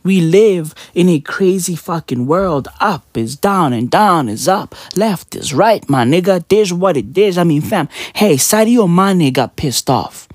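A man hosting a comedic podcast, ranting in a mocking, profane way, firing rhetorical questions and often jumping up into high, yelping exclamations. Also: expressive, a little slow, few pauses, no echo, studio quality. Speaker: podcast host.

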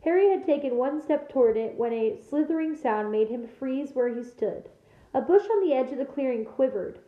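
A woman teacher reading a novel aloud to her class with steady, expressive storytelling. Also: high-pitched, moderate pace, roomy sound, phone-quality sound.

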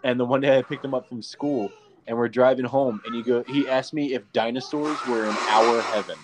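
A man's voice: mid-range voice, fairly even intonation, fairly quick, a little hiss or hum. A man chatting casually as a podcast co-host, telling stories animatedly and swearing freely. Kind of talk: casual chat.

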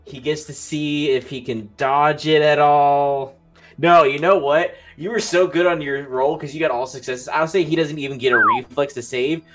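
A man's voice: on the high side, fairly even intonation, normal speed, a bit bright. Man game master, laid-back narration, filler-heavy, faint music underneath. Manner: casual, swears, many "like" fillers.

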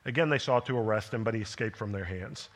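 A man's voice: fairly low pitch, fast talker. A man, a pastor, preaching a sermon in a conversational way, tossing questions at the listeners and building to an emphatic delivery. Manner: conversational preaching with rhetorical check-ins.

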